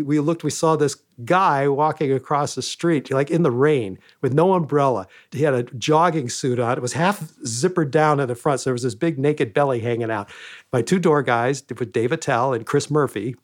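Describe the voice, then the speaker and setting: A man who once managed a comedy club, telling animated backstage stories and acting out what people said. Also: medium pitch, moderate pace. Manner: animated anecdotes, acting out quoted lines. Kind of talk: storytelling interview guest.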